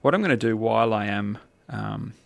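A man's voice: lowish voice, moderate pace, gravelly. A man hosting a music podcast in a playful, chatty way with jokey asides. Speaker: podcast host. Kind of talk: casual music podcast chat.

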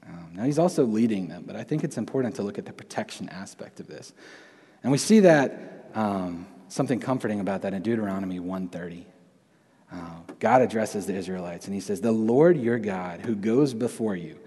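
Man, young adult, preacher, conversational sermon, husky, reverberant hall. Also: sits low, fairly quick, warm tone. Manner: conversational, many restarts and asides.

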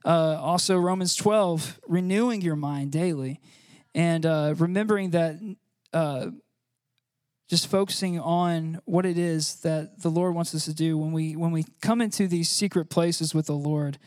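A man giving an informal, chatty sermon, laughing often and filling pauses with "uh". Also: on the high side, darkish tone, no room sound, clean studio sound. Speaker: church speaker.

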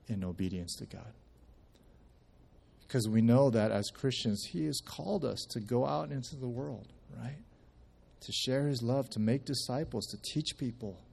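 A man's voice: fairly low pitch, vocal fry, warm tone. A man giving a casual church testimony, telling a story in a conversational way with many restarts and acting out the quoted speech. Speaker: church member sharing at a service.

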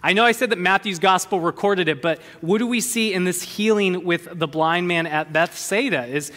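A man preaching a sermon in a church, animated and conversational with playful asides. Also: high-pitched, moderate pace. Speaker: pastor. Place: church sanctuary. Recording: long hall reverb.

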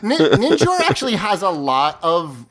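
A man's voice: sits high, huge pitch swings, moderate pace, fairly bright tone. A man co-hosting a podcast, recapping a TV episode in casual chat, rambling with fillers and frequent laughs. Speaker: podcast co-host.

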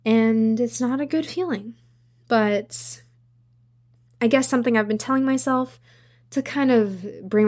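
A woman's voice: a little high, darkish tone. A young woman hosting her own podcast, talking casually and rambling with many fillers and restarts. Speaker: podcast host. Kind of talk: casual solo podcast monologue.

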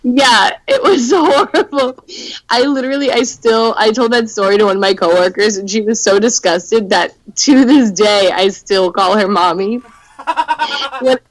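A woman's voice: on the high side, normal speed, dry recording, rough recording. A young woman co-hosting a podcast, chatting casually, giggling a lot and saying "like" often. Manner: giggly, oversharing, says "like" often. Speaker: podcast co-host. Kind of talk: casual chat.

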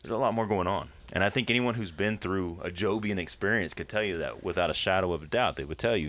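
A man co-hosting a church podcast in casual conversation, earnest and growing animated, laughing often. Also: deep voice, quick pace, few pauses.

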